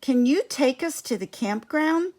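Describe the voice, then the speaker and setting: A loyal family dog from a storybook talks in an earnest, friendly way, as a woman reader voices him. His voice is slow, fairly high, and full of rise and fall. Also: expressive, darkish tone. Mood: asking. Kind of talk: children's storybook reading.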